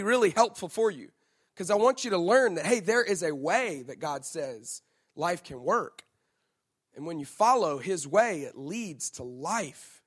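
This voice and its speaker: A pastor in his thirties delivers a sermon with a bright, high-pitched voice. He is playful and teasing, talking straight to the crowd and joking with them. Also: husky.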